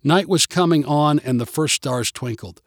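A man narrating a storybook in an expressive, even-paced way. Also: a little high, moderate pace, no room sound, clean studio sound. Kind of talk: storybook reading.

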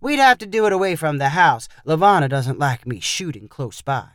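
A man's voice: on the high side, sing-song, normal speed, fairly bright tone, no echo, studio quality. A man reading the part of an easygoing old ranch grandfather, drawling and matter-of-fact.

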